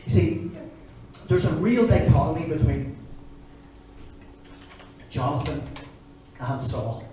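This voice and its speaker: A man in his forties preaching a sermon, telling stories in an animated way. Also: a little high, slow pace, slight background noise. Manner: animated storytelling, acting out voices. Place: church service. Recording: echoey church hall from far off.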